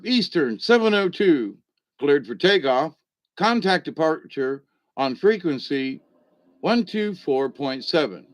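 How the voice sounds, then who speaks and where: A man's voice: fairly high pitch, dry recording. A man reading jokes aloud in a casual way, chuckling and adding wry asides between them. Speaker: comedy reader.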